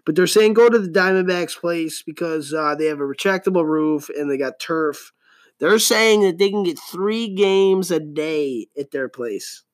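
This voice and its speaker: A man's voice: on the high side, unhurried. A man in his thirties hosting a solo podcast, rambling casually with lots of profanity and jokes. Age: 30s. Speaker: podcast host.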